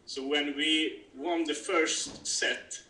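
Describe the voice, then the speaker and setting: A man with a Swedish accent, interviewed over a video call, speaking in a halting way with many fillers and restarts. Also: a little high, flat delivery, creaky, pushed and bright. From Sweden. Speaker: interview guest, kubb player. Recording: roomy call audio with faint noise.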